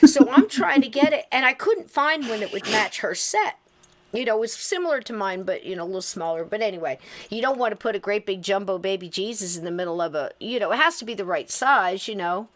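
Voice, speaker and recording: A middle-aged woman hosting a podcast, telling stories in a casual, animated way and laughing through them. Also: medium pitch, brisk, a little hiss or hum. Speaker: podcast host. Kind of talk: casual storytelling chat.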